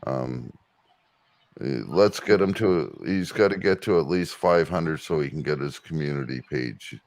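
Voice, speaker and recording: Very deep-voiced man host, dry sound. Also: measured pace, no echo. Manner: relaxed, plugs a guest's channel. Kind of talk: casual show hosting.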